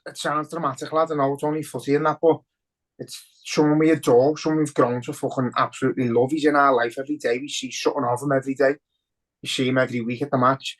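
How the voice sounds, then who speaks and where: A man's voice: medium pitch, little pitch movement, fast, low-quality recording. A man with a Liverpool accent co-hosting a podcast, talking bluntly and emotionally with lots of swearing. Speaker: podcast co-host. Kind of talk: casual podcast chat.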